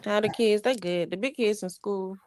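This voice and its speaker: A woman's voice: mid-range voice, normal speed, a little mellow, a little hiss or hum. A young woman chatting casually on a livestream, greeting viewers and talking about her kids while burping a baby.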